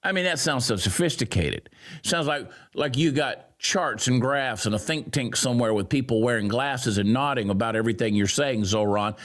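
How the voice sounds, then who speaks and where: A man giving sarcastic, mocking political commentary, swinging from loud jeers down to low grumbles. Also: moderate pace. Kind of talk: ranting commentary.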